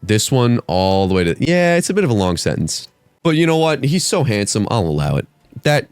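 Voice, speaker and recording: A man's voice: brisk, smooth, no room sound. Swearing, theatrical young man ranting. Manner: profane and theatrical, voice jumps very high when excited. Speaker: comedy YouTuber. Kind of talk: mock-grading an essay, comedic rant.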